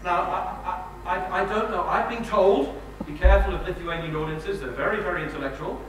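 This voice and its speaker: A man's voice: high-pitched, brisk. A man with an English accent giving a live talk to an audience, joking about himself and quizzing the crowd. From England. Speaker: guest speaker. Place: lecture hall with an audience. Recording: very echoey hall, distant mic, noisy.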